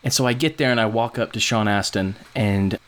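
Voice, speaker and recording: A man co-hosting a podcast, telling a long story in a rambling, animated way and acting out what people said. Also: fairly low pitch, brisk. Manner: rambling, animated, acts out quotes. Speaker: podcast co-host. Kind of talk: casual storytelling chat.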